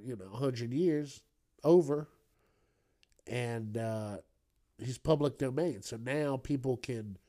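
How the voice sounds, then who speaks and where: A man hosts his own podcast and chats alone about the news. He talks slowly and loosely, cursing freely and drifting into joking tangents. His voice sits at an ordinary middle pitch. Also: darkish tone. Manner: rambling, profane, joking asides. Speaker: podcast host. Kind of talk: casual solo news commentary.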